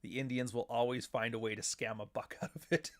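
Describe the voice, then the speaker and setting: Middle-aged Canadian man, mid-pitched, sardonic and profane, rambling livestream host. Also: slight background noise. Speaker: show host. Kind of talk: casual livestream commentary.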